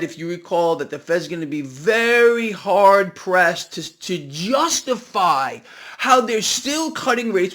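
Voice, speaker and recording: A man hosting a market commentary video, talking straight to his viewers in a casual, animated and sarcastic way. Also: on the high side.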